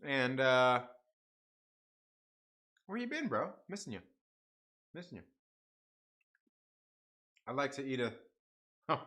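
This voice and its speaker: Stream host, male, bright, animated delivery, casual and profane, fairly high voice. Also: slow, long pauses. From half Mexican family. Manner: profane, laughing, talks to chat while eating. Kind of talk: casual late-night live chat, reading comments.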